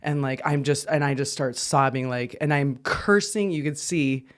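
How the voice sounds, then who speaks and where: A man of middle pitch who tells stories with lots of energy. He laughs often, his voice leaps high when he gets worked up, and there is a nervous edge under it. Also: moderate pace. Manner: animated storyteller, laughs often, swings up in pitch when excited. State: anxious. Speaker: podcast co-host. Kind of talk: casual chat.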